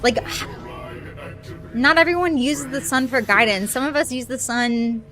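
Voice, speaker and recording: High-voiced excitable woman streamer. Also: normal speed, soft background music. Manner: chatty and excitable, swears freely, squeals greetings to viewers. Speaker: game streamer. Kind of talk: casual live-stream chat with viewers.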